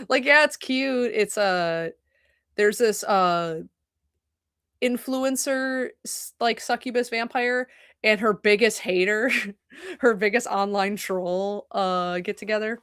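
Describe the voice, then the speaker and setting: A woman's voice: medium pitch, unhurried, clean tone, no room sound, clean studio sound. Chatty, profane young woman streamer. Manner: rambling, profane and animated. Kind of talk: casual chat. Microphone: desk mic at a computer.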